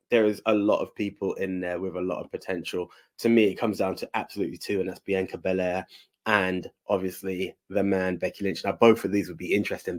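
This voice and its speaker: A man hosting a podcast, chatting casually and joking at his own expense as he explains the rules step by step. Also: on the low side. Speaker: podcast host. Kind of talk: casual chat.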